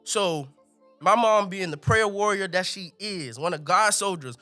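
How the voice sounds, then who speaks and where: A lively young man spinning a comic story, laughing along the way. His voice is high and bright, with soft music far under him. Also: unhurried. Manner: animated, laughing, colorful slang. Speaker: podcast guest.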